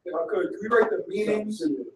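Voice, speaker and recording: A man's voice: sits high, quick pace. A male student in a class asking polite, tentative questions and making suggestions. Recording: far-off echoey room, faint noise.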